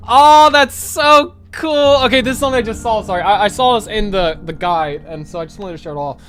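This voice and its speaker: A gamer giving excited, rambling commentary while playing through a game's ending, talking to the game itself. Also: mid-range voice, quick pace. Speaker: let's play gamer.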